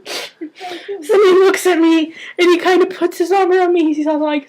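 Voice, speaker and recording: A teenage girl telling an excited, gushing story and often breaking into giggles. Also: high-pitched, moderate pace. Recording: noisy home video.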